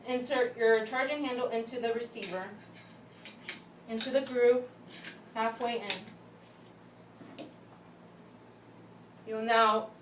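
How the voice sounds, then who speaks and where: Woman giving a halting demo speech, echoey room. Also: a little high. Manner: methodical, halting, with pauses and restarts. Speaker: student giving a class demonstration speech. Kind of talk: step-by-step instructional demo. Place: classroom. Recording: echoey room, voice from a distance, faint background hum.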